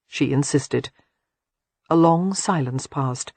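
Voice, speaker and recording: A woman narrating an audiobook in a measured, expressive reading. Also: low-pitched, dry recording. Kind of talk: scripted narration.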